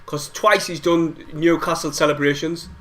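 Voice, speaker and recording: Steady and moderately paced, a young man's higher, somewhat bright voice delivers live commentary as he streams a football match watch-along. He's frustrated, swears, and keeps up lots of banter.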